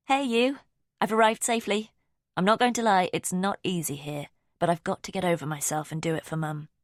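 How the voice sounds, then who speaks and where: Nervous, skeptical young woman read by a female narrator; low and close, defensive edge. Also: a little fast, no room sound, close to an everyday voice. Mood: warm.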